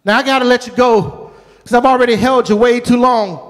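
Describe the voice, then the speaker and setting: High-voiced man preaching in echoing church. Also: fairly even intonation, a little fast. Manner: folksy, repetitive preaching cadence. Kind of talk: storytelling sermon. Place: church sanctuary. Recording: long church hall reverb.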